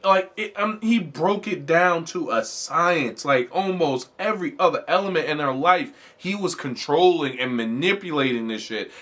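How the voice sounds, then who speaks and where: A man hosting a comedy podcast, ranting casually and profanely about a TV show, with animated mock quotes. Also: high-pitched. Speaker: podcast host.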